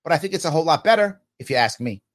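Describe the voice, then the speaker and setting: Animated man with a lively voice. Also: a little high, rapid-fire. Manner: animated and emphatic, with sarcastic asides. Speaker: podcast host reading listener comments. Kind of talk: casual opinionated commentary.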